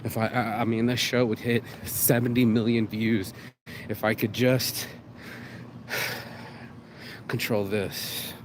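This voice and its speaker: Slow and level in tone, with long pauses, a mid-range male voice carries this vlog host's emotional monologue as he walks a rainy street. He's shaken from crying and speaks in a raw, profane, rambling way, with slight background noise.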